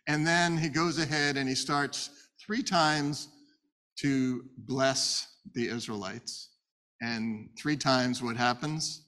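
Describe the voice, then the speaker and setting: A man's voice: medium pitch, fairly even intonation, takes it slowly, pushed and bright. A man teaching a Torah story in a conversational way, asking rhetorical questions as he retells it. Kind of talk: storytelling Bible lesson.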